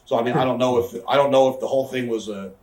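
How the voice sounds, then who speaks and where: A man in his thirties telling a backstage story in a casual interview, rambling, animated and swearing. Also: mid-range voice, very fast, reverberant, distant mic, low-quality recording. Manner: rambling, animated, swears, acts out quoted voices. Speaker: interview guest, wrestler.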